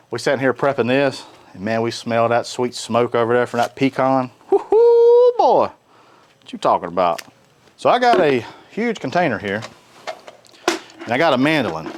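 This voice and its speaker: Man, folksy, joking, casual cooking host, outdoors by the grill, mid-pitched voice. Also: a little hiss or hum. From North Carolina. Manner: folksy, jokey, animated.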